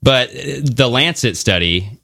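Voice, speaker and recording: A man co-hosts a podcast in an unhurried, expressive voice of medium pitch that is gravelly, bright, and forceful, with clean studio sound and no echo. He talks casually and animatedly, occasionally swearing and mimicking others in funny voices.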